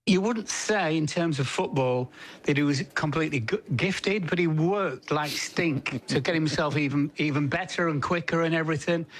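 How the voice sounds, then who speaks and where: A man's voice: fairly high pitch, a bit bright. A man who used to play football, speaking as a pundit in an interview, rambling and repeating words. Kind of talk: interview chat.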